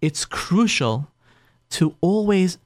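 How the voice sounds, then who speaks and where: A man who hosts an advice show as a rabbi talks in a fairly high voice that swings widely in pitch. He makes each point emphatically, repeating himself and acting out what spouses say. The sound is dry, with no room echo. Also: lively intonation, takes it slowly, a little mellow. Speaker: rabbi and show host giving marriage advice. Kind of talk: advice talk to listeners.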